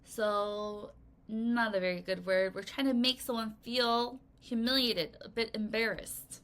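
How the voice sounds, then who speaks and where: A woman teaching a recorded vocabulary lesson for children, explaining words in a playful, expressive way and counting the class in to read aloud. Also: fairly high pitch, measured pace, clean tone.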